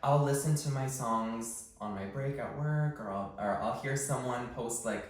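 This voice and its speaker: A man co-hosting a podcast, chatting in a relaxed, joking way. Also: medium pitch, measured pace. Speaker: podcast co-host. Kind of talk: casual chat. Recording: echoey room, mic at a distance.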